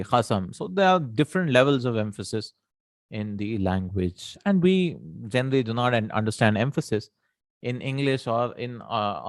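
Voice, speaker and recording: A man teaching an Arabic grammar lesson, explaining slowly, repeating terms and checking with "right?". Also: mid-range voice, dry recording.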